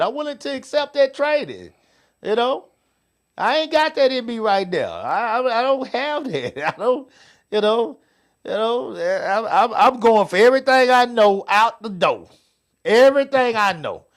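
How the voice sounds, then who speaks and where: A man's voice: high-pitched, a bit bright. An older man, hosting a casual talk show, rambling, repeating himself and laughing often. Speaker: host.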